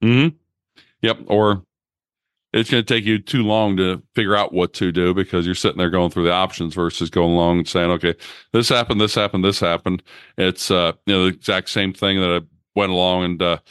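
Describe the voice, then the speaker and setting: A man's voice: low-pitched, level tone, fairly quick, fairly bright tone, smooth, no echo, clean studio sound. A man hosting a podcast, conversational and explanatory. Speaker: podcast host. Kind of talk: podcast interview.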